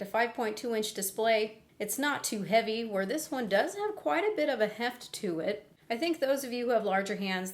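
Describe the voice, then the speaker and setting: A young woman giving a candid, conversational phone review while getting over laryngitis. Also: fairly high pitch. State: recovering from laryngitis. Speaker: tech reviewer. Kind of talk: casual product review.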